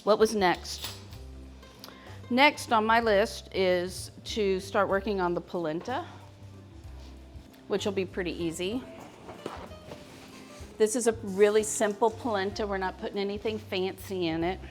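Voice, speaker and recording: In her home kitchen, a cooking show host demonstrates a dish live and chats with the people watching. Her medium-pitched voice keeps a measured pace with frequent pauses, and soft music plays underneath.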